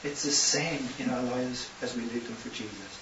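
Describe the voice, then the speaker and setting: A man's voice: medium pitch, normal speed. A man with an Irish accent preaching a sermon, telling stories and building to impassioned emphasis. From Ireland. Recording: roomy distant hissy lo-fi recording.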